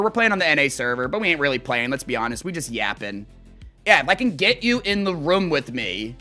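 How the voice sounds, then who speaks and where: A man streaming as he plays a game, chatting casually and telling rambling, profane stories. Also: a little high. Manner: animated, profane, rambling storytelling. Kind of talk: casual chat while gaming.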